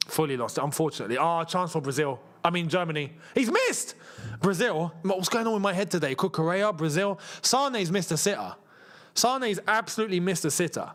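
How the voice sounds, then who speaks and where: Young adult male watchalong host, high, very animated voice, chatty and excitable. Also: brisk. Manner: excitable, chatty, reacts loudly to chances. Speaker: football channel host. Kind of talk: live match watchalong chat.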